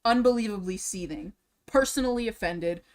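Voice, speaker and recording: A woman's voice: mid-range voice, moderate pace, darkish tone. A young woman streamer ranting in a casual, profane, exasperated way, repeating herself as she talks from a room at home. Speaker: streamer reacting to drama videos.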